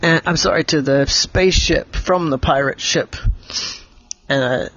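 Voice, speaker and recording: A man making up a bedtime story for a child, gentle and patient, explaining things simply. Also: a little high, measured pace, dull audio.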